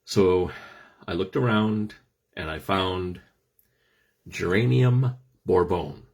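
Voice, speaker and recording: A man's voice: low voice, slow pace, vocal fry, a little mellow. A middle-aged man hosting a casual talk on essential oils, explaining things with dry, self-deprecating jokes. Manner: joking, self-deprecating asides. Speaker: host.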